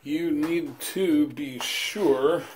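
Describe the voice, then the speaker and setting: Speaking very slowly over a noisy background, a man with a fairly high-pitched voice gives a casual how-to on tiling a bathroom under renovation. He's the tile installer, laying out each step plainly and leaning often on "uh" and "um."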